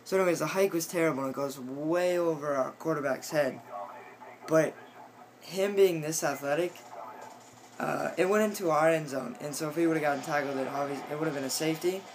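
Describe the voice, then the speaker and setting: A teenage boy, a high school football player, telling a rambling story in a casual vlog, full of fillers and restarts. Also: fairly quick, slight background noise, low-quality recording. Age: teens.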